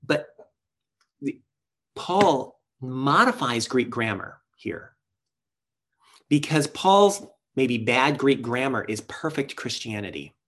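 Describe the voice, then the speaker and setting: A man's voice: medium pitch, animated, slow pace, long pauses, a bit bright. A man preaching a sermon as pastor, earnest and emphatic, asking rhetorical questions and shifting his pace.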